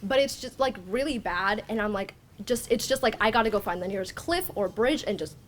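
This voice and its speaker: A woman's voice: mid-range voice, animated, a little fast, a little hiss or hum. A teenage girl telling a personal story at a story slam, rambling and self-deprecating, often quoting her own thoughts. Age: teens. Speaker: student storyteller.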